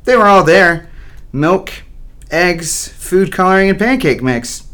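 A man's voice: high-pitched, expressive, slow, fairly bright tone. A man narrating a children's story playfully, with wry asides to the listener.

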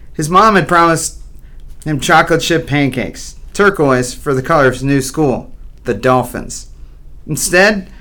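A man's voice: on the high side, fairly bright tone. A man narrating a children's story playfully, with wry asides to the listener.

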